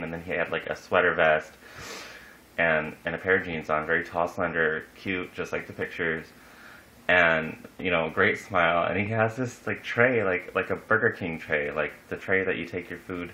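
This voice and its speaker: A man with a deep voice that still comes across bright and forward tells a personal story in a loose, rambling way. He fills his talk with "like" and "you know". His pitch jumps up when he acts out what people said.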